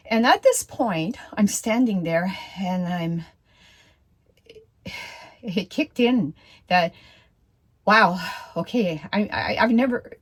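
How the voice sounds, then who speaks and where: A woman's voice: medium pitch, lively intonation, slightly rough. A woman casually telling a personal story, hesitant, with many fillers and restarts. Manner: slow, deliberate delivery.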